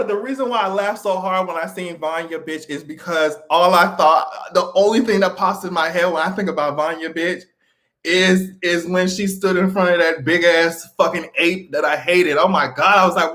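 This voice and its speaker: High bright-voiced guy on a livestream, cussing nonstop, cracking himself up. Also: normal speed. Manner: profane, animated ranting with frequent laughter. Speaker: livestream host. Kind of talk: pop-culture commentary livestream.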